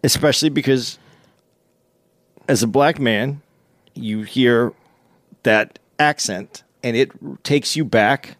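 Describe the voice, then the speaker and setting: A man's voice: mid-range voice, dry recording, studio quality. A man co-hosting a casual chat, speaking hesitantly and restarting his sentences.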